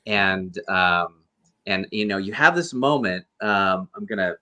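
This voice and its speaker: A man's voice: deep voice, lively intonation, unhurried, bright, forceful tone. A man, a guest actor and costume performer, earnestly telling a rambling story over a video call. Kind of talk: casual storytelling interview.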